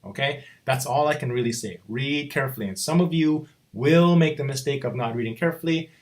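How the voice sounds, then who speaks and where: A man teaching a college course in a recorded walkthrough, chatty and relaxed, checking in with "right?" after nearly every point. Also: medium pitch, brisk. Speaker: college instructor. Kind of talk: recorded screen-walkthrough lecture.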